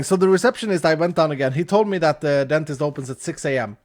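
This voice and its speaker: A man tells a story while he plays a game on stream. He talks in a fairly high register, stumbling and restarting as he goes, with some faint noise behind him. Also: quick pace. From Sweden. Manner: animated, with restarts and laughter. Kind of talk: casual storytelling while gaming.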